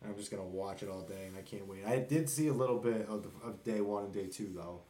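A man chatting casually on a podcast, excitedly rambling about wrestling shows. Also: on the low side, fast talker. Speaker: podcast co-host. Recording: echoey room.

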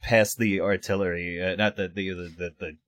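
A man's voice: deep voice, flat delivery, normal speed, a bit bright, no room sound, clean studio sound. A man playing his character in a tabletop role-playing game, hesitant and stammering, with a nervous edge. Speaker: player.

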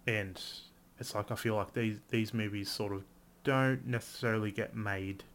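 A man co-hosting a podcast in casual chat, animated and quick to swear, his voice jumping up when he gets excited. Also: on the low side, a little hiss or hum. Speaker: podcast co-host.

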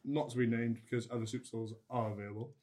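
A man's voice: medium pitch, flat delivery, fast talker, darkish tone. A man co-hosting a podcast in a studio, bantering in a friendly, enthusiastic way. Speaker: podcast co-host. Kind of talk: casual chat.

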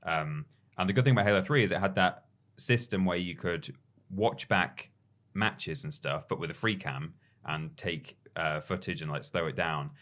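A man with a very low voice chats on a gaming podcast. He meanders through his story, with plenty of ums and restarts. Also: moderate pace, fairly bright tone. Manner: meandering, filler-heavy. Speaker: podcast co-host. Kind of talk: casual chat.

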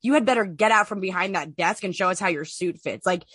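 A woman's voice: lowish voice, fast talker, a bit bright, no echo. A woman co-hosting a podcast in casual chat, rambling and profane, full of "like". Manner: rambling, profane, heavy use of "like". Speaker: podcast co-host.

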